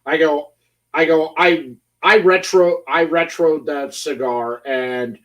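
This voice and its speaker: A male host chats playfully and tells stories, his voice a little high. He sounds set back a bit from the microphone. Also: steady tone, slow pace, a bit bright. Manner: chatty, playful storyteller. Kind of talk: casual chat. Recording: voice a bit far from the mic.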